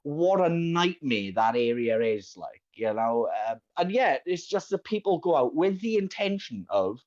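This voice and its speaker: A man's voice: on the high side, a little slow, few pauses. Welsh guy pushing forty, swears a lot, bouncy voice, muffled cheap audio. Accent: South Welsh. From South Wales. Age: late 30s. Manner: animated, swears freely, self-mocking. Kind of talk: casual chat. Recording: dull lo-fi stream audio.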